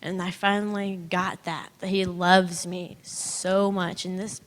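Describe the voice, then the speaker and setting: A young woman shares a personal testimony in church, chatty and animated, acting out what people said with sudden jumps in pitch and nervous laughs. She speaks at a slow pace, and there's a little hiss or hum in the audio.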